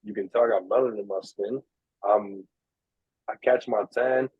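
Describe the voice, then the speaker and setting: A man's voice: on the low side, fairly even intonation, moderate pace, slightly rough, no room sound. A young man, casually telling a long story on a podcast, swearing freely and acting out the voices of the people in it. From New York. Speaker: podcast co-host. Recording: tinny, dry, narrow-band sound.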